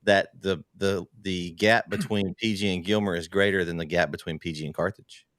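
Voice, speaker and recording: A man's voice: deep voice, steady tone, moderate pace, fairly bright tone, no room sound, clean studio sound. A man co-hosting a sports show who presses the others with probing questions. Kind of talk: casual sports talk.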